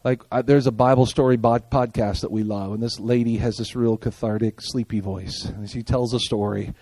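A man's voice: steady tone, normal speed, no room sound. Emphatic older male pastor preaching. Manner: emphatic, rhetorical questions and call-and-response checks; swings between loud punchy peaks and quiet low stretches. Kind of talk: sermon.

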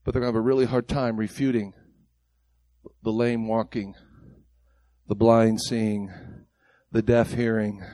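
Before his congregation at a church service, a pastor preaches with emphasis and passion, firing off rhetorical questions. His medium-pitched male voice has a dark tone, and there is no echo.

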